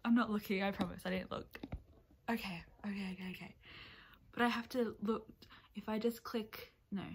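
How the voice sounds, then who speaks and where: A woman book vlogger talking casually to camera in a reaction video, expressive and chatty, swearing freely. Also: mid-range voice, normal speed, noisy background. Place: at home with her dog nearby.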